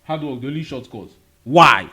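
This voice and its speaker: A man's voice: medium pitch, lively intonation, moderate pace, bright, forceful tone. A man with a Nigerian accent giving a motivational monologue, firing rhetorical questions and repeating key phrases. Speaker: motivational video host. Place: indoor room with a fan running.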